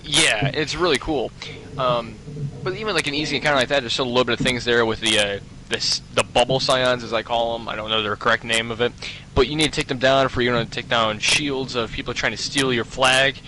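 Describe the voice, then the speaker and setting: A man's voice: medium pitch, fairly quick, pushed and bright, a little hiss or hum, rough recording. A man co-hosting a casual gaming chat, rambling with many fillers and restarts. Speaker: podcast co-host.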